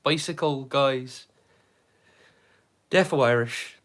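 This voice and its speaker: A man's voice: medium pitch, slow pace. A man hosting a casual livestream watch-along, chatting, joking and swearing freely with his viewers. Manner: greets viewers loudly and brightly. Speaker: livestream host.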